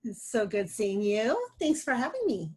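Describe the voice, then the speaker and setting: A woman's voice: medium pitch, big pitch swings, normal speed, darkish tone, breathy edge. An older woman, her voice affected by allergies, telling her story in a chatty, rambling way with many fillers. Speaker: coaching client. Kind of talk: casual interview storytelling.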